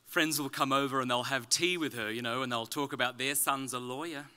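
A man from Australia with an Australian accent softened toward British, giving a conference talk with dry, self-deprecating humor. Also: medium pitch, a little fast, few pauses, smooth. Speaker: conference speaker. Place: conference venue.

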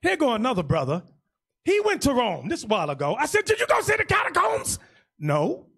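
A man preaching as bishop in an emphatic, loud sermon style. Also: very high voice, wildly swooping pitch, fast, breathy edge. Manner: loud, emphatic, shouting at peaks. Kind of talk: animated sermon teaching.

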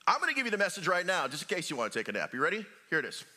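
A middle-aged man preaching in a church sanctuary, his voice pitched high and sharply bright. He jokes with the congregation and leaps between booming calls and hushed asides. His delivery is wildly expressive, rising and falling all through. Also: very fast. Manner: animated, joking preacher with big swings in loudness. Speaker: pastor. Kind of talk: sermon.

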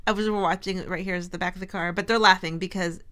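A woman's voice: lowish voice, quick pace. A woman co-hosting a reaction video, eagerly retelling a funny moment with lots of laughter. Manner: excitable, laughing storytelling. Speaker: co-host and editor. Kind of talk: casual reaction chat.

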